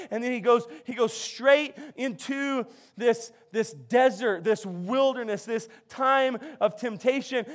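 A man preaching a sermon, telling a story with animated, restart-filled delivery. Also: very high voice. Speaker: pastor.

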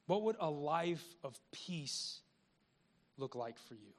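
A man's voice: on the high side, lively intonation, slow pace. A man pastor preaching a conversational sermon, repeating words and asking the congregation questions.

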